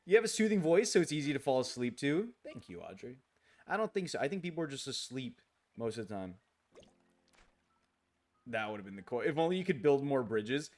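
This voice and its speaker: A man's voice: medium pitch, sing-song, fairly quick, darkish tone. A man streaming a game late at night in casual chat, rambling, restarting his sentences, grumbling at the game and answering viewer comments aloud.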